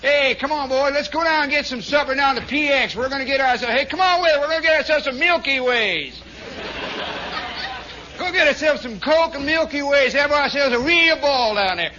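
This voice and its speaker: A man voicing a rowdy young male soldier with an American Southern accent, loud and excited. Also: extremely high pitch, moderate pace, some chatter behind, slight background noise, pitched above the performer's own voice. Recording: dull lo-fi 1960s radio broadcast.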